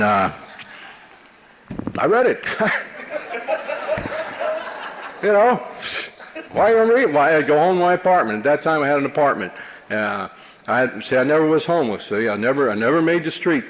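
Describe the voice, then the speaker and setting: His medium-pitched, slightly bright voice comes through a low-quality recording with a bit of background noise. The man, from New Jersey, tells a meeting audience about his recovery in a streetwise, wry, chatty style full of "you know"s.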